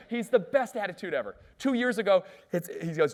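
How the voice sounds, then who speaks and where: A man delivering a lively keynote, racing through stories at a brisk clip. His voice sits a little high for a man, and he keeps turning to the audience with questions. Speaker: keynote speaker. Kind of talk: energetic storytelling keynote speech.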